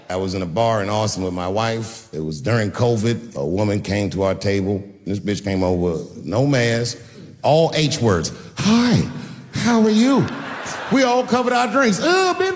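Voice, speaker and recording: A man performing stand-up comedy on stage, telling profane stories and acting out the voices in them. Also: fairly low pitch. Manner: profane, animated storytelling with acted-out voices. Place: stage in a large venue. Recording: long reverb of a big hall with faint ambience.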